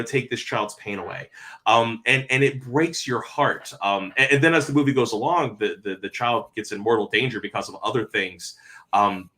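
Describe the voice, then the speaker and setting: Man, panel host, rambling, stammering restarts, bright forward voice, video call. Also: fairly low pitch. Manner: heartfelt and effusive. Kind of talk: casual panel chat.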